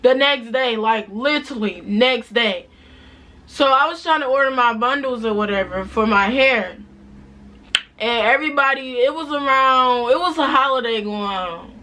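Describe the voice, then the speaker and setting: Bright-voiced young woman telling a story. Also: on the high side, moderate pace, a little hiss or hum. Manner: chatty, animated retelling with repeated asides to viewers. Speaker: vlogger. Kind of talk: storytime vlog.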